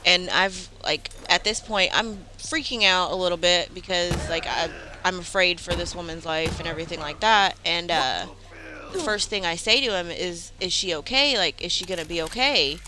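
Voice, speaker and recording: A woman's voice: lowish voice, moderate pace, pushed and bright, slight background noise, low-quality recording. A woman gaming streamer telling a story casually while she plays, with lots of fillers, breaking off now and then to react to the game. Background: game music.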